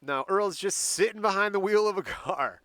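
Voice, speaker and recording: A man's voice: sits high, normal speed, bright, forceful tone, no echo. Giggly storytelling podcast man. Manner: laughs often, reads dates and places in a storytelling way. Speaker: podcast host. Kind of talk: casual chat, telling a crime story.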